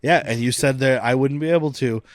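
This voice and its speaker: A man co-hosting a podcast, retelling scenes in a lively way with quick quoted voices and frequent laughs. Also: medium pitch, dry recording, studio quality. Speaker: podcast co-host. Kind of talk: casual chat.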